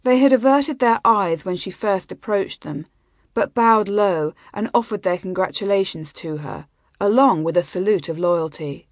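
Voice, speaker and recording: A woman reading a fantasy novel aloud as an audiobook narrator in an even, measured way on a close mic. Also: mid-range voice, no echo. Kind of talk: scripted narration.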